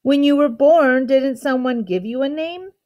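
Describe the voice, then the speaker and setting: A brave, kind young girl from a storybook, asking earnest questions with open curiosity, as a woman reads her part aloud. Her voice sits a little high and eager. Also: unhurried, mellow. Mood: curious.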